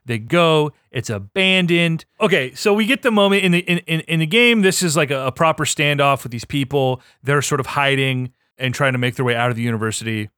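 A man co-hosting a podcast in casual chat, animated and swearing, acting out his reactions. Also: fairly high pitch, fairly quick, hardly any pauses, clean tone, dry recording, clean studio sound. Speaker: podcast co-host.

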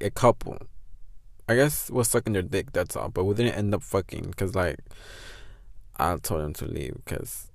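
A young man, hosting a podcast and telling a story in a frank, profane way, slipping Spanish phrases into English. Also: on the low side. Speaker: podcast host. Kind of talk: casual storytelling monologue.

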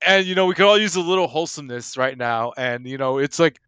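A man's voice: a little high, animated, fast, a bit bright, smooth, no room sound. A man co-hosting a casual podcast, rambling with lots of fillers and swearing. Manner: rambling, laughing, filler-heavy. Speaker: podcast co-host. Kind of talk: casual profane chat.

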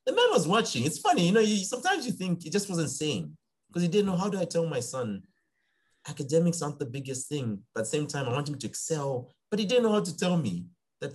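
A man's voice: a little high, quick pace, breathy edge. A young man, a psychiatrist in training, talking casually in an interview and acting out remembered conversations. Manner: animated storyteller, acts out quoted dialogue.

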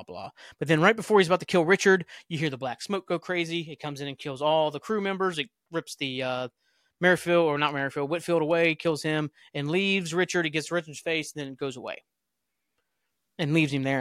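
A man's voice: on the high side, a bit bright, no room sound, clean studio sound. A young man hosting a podcast, casually recapping a TV episode with rambling, offhand asides. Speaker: podcast host.

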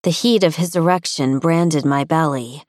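A young woman reads a first-person romance in an intimate, confessional tone. Her voice is low-pitched, and the recording is dry and close with no room echo. The delivery stays personal and inward. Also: moderate pace, darkish tone. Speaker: audiobook narrator.

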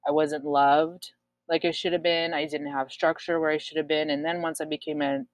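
A woman's voice: low-pitched, flat delivery, normal speed, no room sound. A woman in her twenties, telling her own story frankly in a casual chat, swearing often and using many fillers. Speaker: guest sharing her story.

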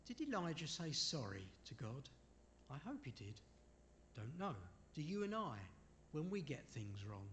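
A man preaching a sermon in an unhurried way, asking his listeners rhetorical questions and making apologetic asides. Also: on the high side, sing-song, a bit bright, slight background noise. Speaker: preacher leading a Bible study.

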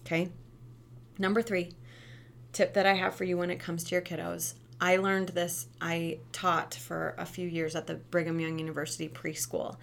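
A woman who used to teach preschool, giving casual parenting advice in a lively, conversational way and often asking "right?". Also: moderate pace, vocal fry, a little hiss or hum. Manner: animated, acts out quoted kids and parents with big pitch jumps.

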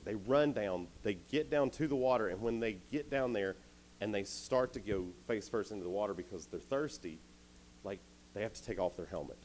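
A man's voice: fairly low pitch, a little mellow. A young man giving a youth sermon, telling a story playfully and speaking directly to the crowd.

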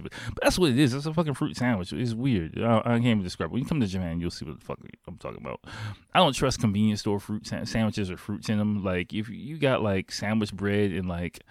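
A man with a low voice talks through his solo podcast in a loose, rambling way. He swears constantly and laughs at his own stories. The recording is dry, with no room sound. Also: no room sound. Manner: rambling, profane, laughs often. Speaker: podcast host. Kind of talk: casual solo podcast chat.

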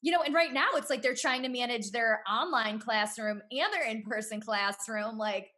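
A woman and former teacher, a podcast guest talking in an earnest, casual way, often saying "you know" and laughing softly. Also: a little high, moderate pace. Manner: earnest, talks through ideas with frequent "you know" and soft laughs.

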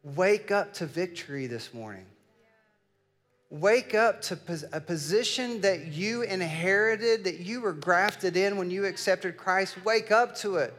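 A middle-aged man preaching a sermon. He tells a family story and builds up to loud, emphatic declarations. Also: high-pitched, animated, unhurried. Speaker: pastor.

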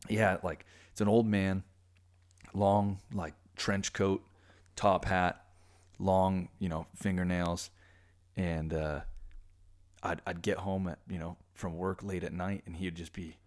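A man from Orange County, California, hosting a podcast and telling a personal story in casual chat, animated and acting out the people he quotes. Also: deep voice, takes it slowly. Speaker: podcast host.

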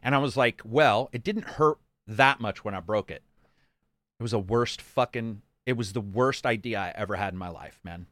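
A man's voice: fairly low pitch, normal speed, a bit bright, dry recording. A man in casual chat, telling jokey, profane stories and acting out quotes.

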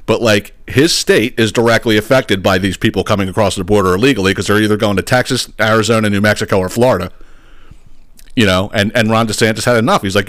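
A man's voice: fairly low pitch, quick pace, fairly bright tone, no room sound, studio quality. Angry swearing male podcast ranter. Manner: angry, sarcastic, swears a lot. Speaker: podcast host. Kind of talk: profane political rant.

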